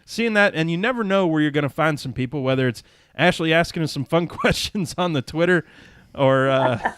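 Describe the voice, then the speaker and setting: Folksy podcast host, dry sound. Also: male voice, fairly high pitch, a little fast, a bit bright, smooth, no echo. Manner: folksy, rambling, laughs a lot. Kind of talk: casual podcast storytelling.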